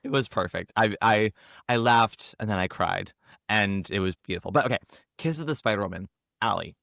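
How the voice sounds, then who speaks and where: A man hosting a podcast, hoarse from laryngitis, chatting in a campy, teasing way. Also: on the low side, fairly bright tone, dry recording, clean studio sound. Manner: campy, teasing, quick jokes. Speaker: podcast host. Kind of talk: casual chat.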